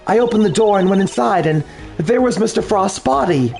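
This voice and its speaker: A man voicing a gentle, polite young woman who talks in a soft, apologetic, earnest way. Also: sits high, animated, fairly quick, vocal fry, soft background music.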